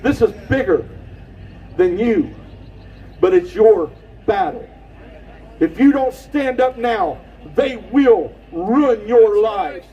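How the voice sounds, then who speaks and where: High-pitched man shouting a rally speech. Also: recorded from a distance, lo-fi sound. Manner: impassioned, preacher-like shouting. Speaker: rally speaker. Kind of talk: outdoor political rally speech. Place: outdoors at a rally.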